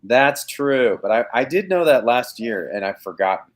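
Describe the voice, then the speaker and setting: Animated and medium-pitched, this man in his thirties speaks at a normal pace. He's an actor guesting on a casual live interview chat from home via video call, wandering through his answers with plenty of fillers and false starts.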